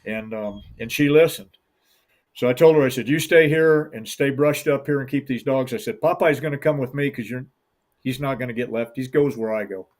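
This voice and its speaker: A man's voice: medium pitch, brisk, darkish tone. A middle-aged man who guides hunts with hounds, telling a long story in an interview in a folksy, rambling way and acting out the voices of the people in it.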